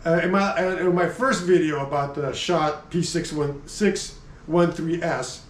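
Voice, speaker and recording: A middle-aged motorcycle and gear vlogger rambles through a casual product review, friendly and chatty, laughing often and frequently correcting himself. His fairly high voice has fairly even intonation and an unhurried pace. The audio is roomy and distant, as though the camera sits back from him, with slight background noise.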